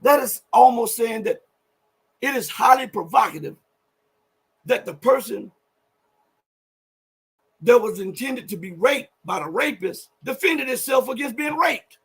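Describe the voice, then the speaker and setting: This male show host has a high voice with some huskiness, and he offers live political commentary in an expressive, unhurried way, pausing often. His emphasis climbs to near-shouting at times, while the stretches between wander as he keeps revising what he says.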